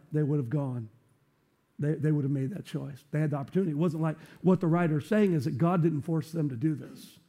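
A man preaching a sermon with animated delivery, often repeating words as he builds up, his voice a little strained. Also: on the high side. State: voice strained, close to giving out. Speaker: pastor.

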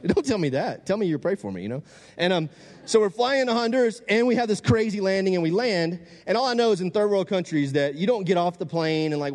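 A male storyteller from Louisiana, USA, with a voice on the high side, gives a humorous storytelling talk to an audience in a big hall. He's animated and joking, acting out quoted voices. The recording carries long hall reverb.

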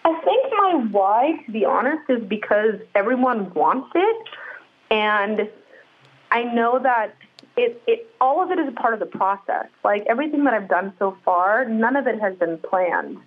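A woman's voice: on the high side, expressive, moderate pace, narrow, tinny audio. A middle-aged woman, a guest on a podcast, talking candidly in a casual chat with plenty of fillers and restarts. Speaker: interview guest, brow artist.

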